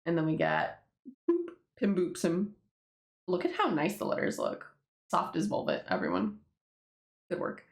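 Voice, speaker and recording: A fairly low-voiced woman rambles through her own comic, dropping swear words and quick laughs between panels. Her voice rings in a roomy, echoey space. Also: wildly swooping pitch. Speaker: webtoon creator. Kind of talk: casual commentary reading a comic. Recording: roomy echo.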